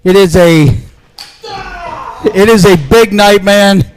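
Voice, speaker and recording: A high-voiced man runs an in-ring wrestling interview. He talks in an excitable, hyped-up way and keeps pushing the guests to celebrate. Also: slow pace, slight background noise.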